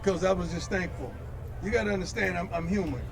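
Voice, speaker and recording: A football coach fields questions after a game, a man whose voice sits high and carries a gravelly fry. He is boastful and confrontational and hammers his points through repetition. He speaks at a press conference. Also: quick pace, background noise. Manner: boastful, confrontational, repeats himself for emphasis.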